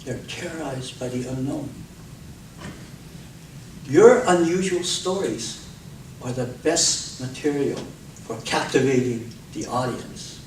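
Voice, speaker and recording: Slow, animated male speaker in an echoey room. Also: medium pitch, a little hiss or hum. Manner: expressive storytelling, acts out cries and quotes. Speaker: public speaker. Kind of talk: speech on public speaking. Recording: echoey room from a distant mic, faint ambience.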